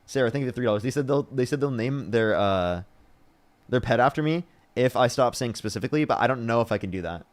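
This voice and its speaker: A man's voice: mid-range voice, expressive, fast. A man hosting a livestream debate show, thanking donors and pressing callers on their views. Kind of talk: casual livestream chat.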